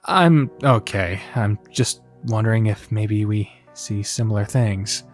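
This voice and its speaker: Anxious, exhausted young male coyote, voiced by a man, halting and unsure. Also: lowish voice, faint music behind, close to an everyday voice. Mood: tentative. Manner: hesitant, stammering.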